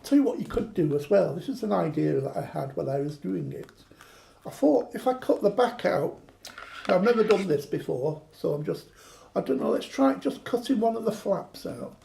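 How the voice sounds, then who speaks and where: A man's voice: sits high, lively intonation, normal speed, gravelly, warm tone, a little hiss or hum. A man chatting through a craft demonstration, joking and poking fun at himself. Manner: joking, self-mocking banter.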